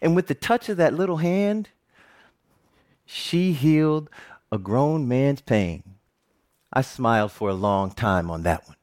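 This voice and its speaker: Lively middle-aged man telling stories. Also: mid-range voice, a little slow, long pauses. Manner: animated, jokey storyteller who laughs often. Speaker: TV presenter giving a talk. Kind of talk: personal storytelling talk.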